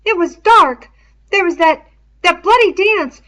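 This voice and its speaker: A woman doing a shrill fretful schoolboy. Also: lively intonation, a little slow, bright, forceful tone, heavily acted. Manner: shrill, agitated pleading.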